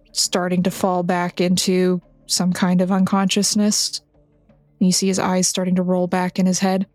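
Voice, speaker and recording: A woman narrating a tabletop game as game master, in a measured, descriptive way. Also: lowish voice, monotone, darkish tone, no room sound, faint music behind.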